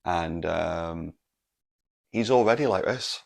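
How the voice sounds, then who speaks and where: A man's voice: low-pitched, takes it slowly, creaky. A man, telling a rambling, sweary story on his podcast. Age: 40s. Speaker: podcast host. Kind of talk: casual storytelling monologue.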